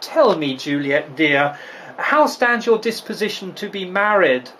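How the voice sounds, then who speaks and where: A man voicing a composed noble mother who speaks in a measured, formal way. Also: high-pitched, expressive, a bit bright, slight background noise, pitched below the performer's own voice, poor audio.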